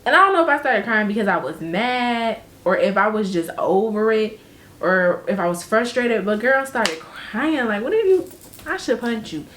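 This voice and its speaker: A young woman spins a storytime for her viewers, slangy and animated, breaking into laughs and acting out each quote. Her voice sits at an ordinary pitch, with a faint low rumble behind it. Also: reverberant. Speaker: vlogger telling a story. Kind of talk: casual storytime chat.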